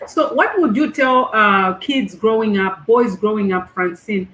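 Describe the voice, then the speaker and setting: A woman's voice: medium pitch, a little slow, fairly bright tone, reverberant, low-quality recording. A woman hosting a casual online panel, effusive and full of fillers and praise for her guests. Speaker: host.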